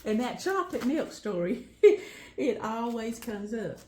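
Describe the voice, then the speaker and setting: A woman's voice: on the high side, sing-song, a little slow, a little mellow, reverberant, a little hiss or hum. An older woman, reminiscing at home in a heartfelt, emotional way that often breaks into laughter. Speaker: home vlog host. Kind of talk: personal reminiscing storytelling. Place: at home, indoors.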